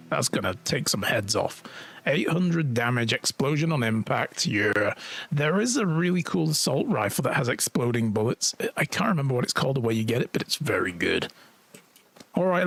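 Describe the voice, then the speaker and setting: A man's voice: a little high, gravelly. A man doing rowdy, joking live gameplay commentary, swearing and cheering. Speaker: game streamer.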